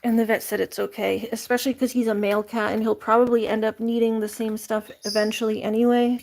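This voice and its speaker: A woman's voice: medium pitch, a little mellow. A woman vlogger chatting casually, giggling and cooing at her animals while caring for them. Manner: giggly, coos at pets, chatty. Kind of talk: casual chat to camera and animals.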